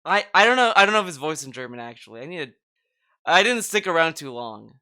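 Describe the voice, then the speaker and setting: A man with a bright, smooth and somewhat high voice talks through a casual podcast chat. He rambles loosely, piling on fillers and starting sentences over. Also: big pitch swings, quick pace. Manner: rambling, filler-heavy, frequent restarts. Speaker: podcast co-host.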